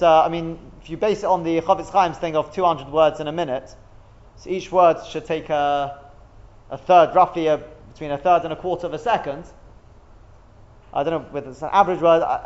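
A man with a high voice teaches a Talmud class. He thinks aloud, asks rhetorical questions and walks through each step. The recording is a little dull.

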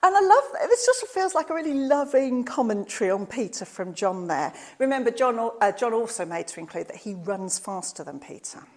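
A woman preaching a sermon, telling the story in a lively way and acting out the voices of the people in it. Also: a little high, a little fast, few pauses.

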